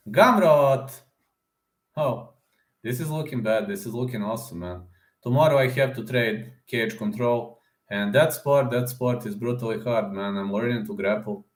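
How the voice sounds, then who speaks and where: A man hosting a casual livestream, chatting with viewers, speaking as a with lots of fillers. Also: lowish voice. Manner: chatty, many fillers and "man", reads chat aloud. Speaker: livestream host making fight predictions. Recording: roomy echo.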